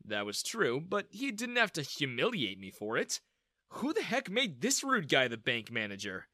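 Guy telling a story first person, super bright voice, dramatic, dry close mic. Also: a little high, moderate pace, no echo. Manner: dramatic, expressive.

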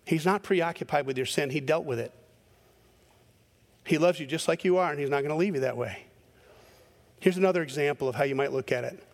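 A man with a high, light voice preaches a sermon, keeping it conversational and personal. He tells stories with lively animation as he goes. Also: brisk, pauses often. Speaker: pastor.

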